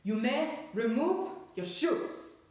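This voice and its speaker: Brief: a tyrant old witch, guttural foreign accent, rasping and shrill, slow booming orders, echoey room. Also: very animated, darkish tone. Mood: commanding. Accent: harsh guttural foreign accent, rolled R. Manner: booming, slow, drawn-out commands. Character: terrifying old female witch leader, cruel and commanding.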